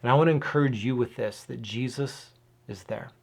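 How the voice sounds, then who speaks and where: A man's voice: mid-range voice, a little fast, creaky, darkish tone, husky. A man hosting his own channel, giving casual Bible teaching to camera in an earnest, emphatic way, often asking rhetorical questions and adding "right?". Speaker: host of a Bible and whiskey channel.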